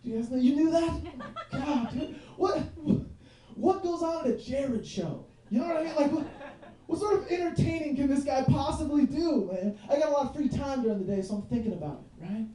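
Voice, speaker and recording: A young man works a small club crowd with a loose, profane stand-up set, constantly checking in with "you know what I mean". His voice is mellow and relaxed. The sound is roomy and a little distant from the mic. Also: very high-pitched, fairly quick. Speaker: stand-up comedian.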